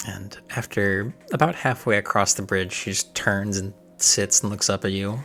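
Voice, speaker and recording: A man running a tabletop game as game master, narrating scenes calmly for a live stream. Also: fairly low pitch, moderate pace.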